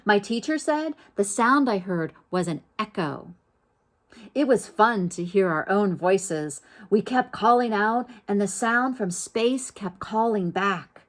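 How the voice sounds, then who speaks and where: A woman reading a children's picture book aloud in a gentle, unhurried way, pausing to ask her listeners questions. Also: mid-range voice, lively intonation. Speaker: storybook reader.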